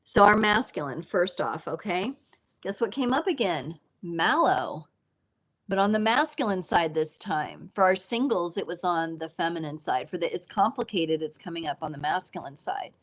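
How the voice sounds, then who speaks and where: Woman tarot reader, lowish voice, chatty and playful, live-stream host. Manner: chatty and playful, with frequent fillers and laughs. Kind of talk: casual live tarot reading.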